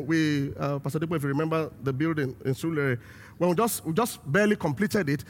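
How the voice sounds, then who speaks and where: A man preaching a sermon as pastor and host, emphatic and rising to shouts to stress his points. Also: sits high.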